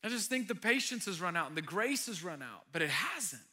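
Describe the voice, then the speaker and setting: Bright-voiced earnest male pastor preaching. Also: sits high, sing-song, brisk, slightly rough. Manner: earnest, swings between loud emphasis and hushed near-whisper. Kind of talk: sermon.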